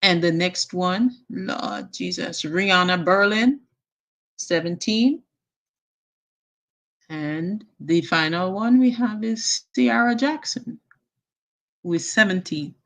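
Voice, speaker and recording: A woman's voice: lowish voice, slow pace, long pauses, a bit bright. A woman with a Jamaican accent hosting a casual live stream. She greets viewers by name with endearments and slips into patois phrases.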